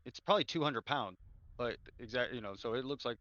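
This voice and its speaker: A man's voice: mid-range voice, fairly quick, fairly bright tone, no echo, lo-fi sound. A man narrating as game master of a tabletop game, talking loosely and conversationally with plenty of fillers. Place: home room, online stream.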